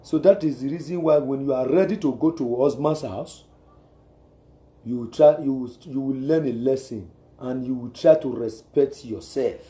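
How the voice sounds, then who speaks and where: Heard with reverb, a Nigerian-accented man with a warm, mid-range voice delivers advice at a moderate pace. He preaches and repeats himself, urging listeners on and regularly asking rhetorically if they understand.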